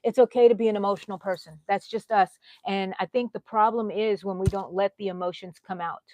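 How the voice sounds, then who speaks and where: A middle-aged woman, hosting a casual crochet livestream. She chats warmly and emotionally, greeting viewers by name and reassuring them. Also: mid-range voice, fairly even intonation, fairly quick, a little hiss or hum. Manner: chatty, reads out viewer comments by name. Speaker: crochet channel host.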